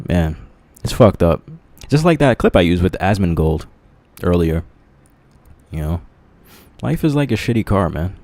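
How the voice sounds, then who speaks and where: Deep male streamer, crude rambling commentary, swears freely and laughs at his own jokes. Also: lively intonation, measured pace, gravelly, a little mellow, dry recording. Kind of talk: casual livestream commentary. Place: dark room lit by candles.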